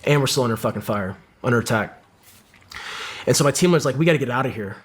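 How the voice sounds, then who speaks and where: A man's voice: mid-range voice, animated, fast, husky. Middle-aged guy, ex-marine, swears a lot, acts out what people said. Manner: vivid storytelling, heavy swearing, acts out quotes. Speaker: podcast guest, former Marine sniper. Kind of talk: casual war story in an interview.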